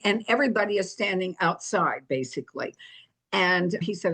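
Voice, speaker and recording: An older woman, a guest on an interview show, telling her story in a lively, anecdotal way. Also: fairly low pitch, normal speed.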